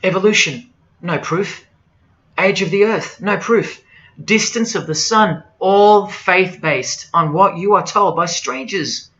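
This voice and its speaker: A man preaching a monologue in a forceful, rhetorical way, firing question after question at the listener. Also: high-pitched, slow pace. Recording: dull lo-fi audio.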